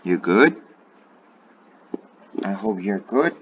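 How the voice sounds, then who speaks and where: A man's voice: on the low side, animated, extremely slow, dull audio, a little hiss or hum. A man teaching an English grammar lesson to his students in a self-recorded video, repeating each point and checking in with "right?".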